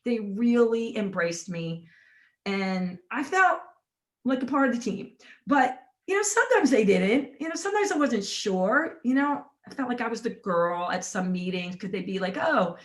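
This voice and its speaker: Animated woman telling a story. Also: a little high, moderate pace. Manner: animated storyteller, acts out quotes with big jumps. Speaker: author guest. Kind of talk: storytelling in a conversation.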